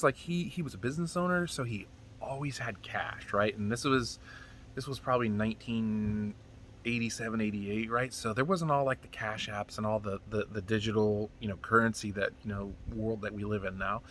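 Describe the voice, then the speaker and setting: A man's voice: lowish voice, normal speed, slight background noise. A man in his forties telling a rambling, profane personal story in a casual monologue. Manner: rambling, profane, animated retelling. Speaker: comedian telling stories.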